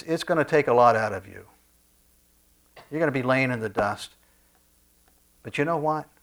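A man preaching a sermon in a conversational way, with frequent restarts and soft asides. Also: mid-range voice. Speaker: pastor.

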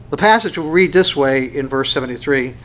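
A man preaching a sermon, swinging from loud, emphatic stresses down to hushed, quiet lines. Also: mid-range voice.

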